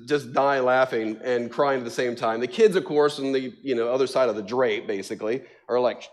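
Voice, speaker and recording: A middle-aged pastor tells a self-mocking story from the pulpit, laughing as he goes. His pitch sits in the middle range for a man. He is loose and chatty, with plenty of "um" and "like," speaking to a congregation in a church. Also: brisk. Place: church sanctuary.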